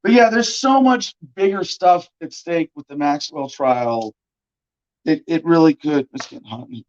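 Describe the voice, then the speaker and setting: Hosting a laid-back livestream, this man speaks at a normal pace in a somewhat high, expressive voice with a slightly mellow quality. His talk wanders and he keeps hedging. The audio comes through muffled, like a lo-fi stream.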